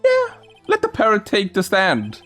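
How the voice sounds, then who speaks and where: A man's voice: high voice, huge pitch swings, unhurried, bright, forceful tone, soft background music, pitched above the performer's own voice, full character voice. A man voicing a determined young male defense lawyer in a courtroom game, earnestly thinking aloud.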